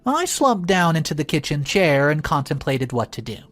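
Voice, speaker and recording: A woman telling a first-person story aloud, expressive, her voice jumping up for quoted lines. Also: sits low, normal speed, soft background music.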